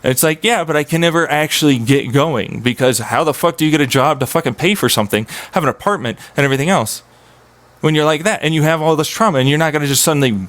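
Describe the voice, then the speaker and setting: A man's voice: fairly high pitch, quick pace, fairly bright tone, no echo. A young man streaming, venting in an agitated, profane, rambling monologue.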